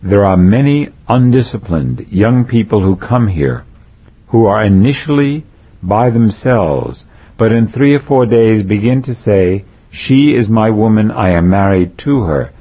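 A man reading aloud, voicing a serene, gentle male guru who speaks slowly and soothingly. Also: on the low side, expressive, breathy edge. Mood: stern. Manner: slow, soothing, measured. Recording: dull lo-fi recording.

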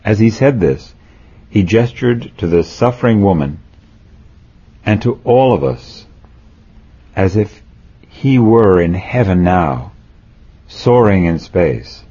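A man slowly reading a spiritual memoir aloud, marking quotes as he goes. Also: fairly low pitch, lively intonation, mellow, slightly rough. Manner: slow, deliberate reading, says "quote" and "end quote". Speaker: narrator. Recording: dull lo-fi recording.

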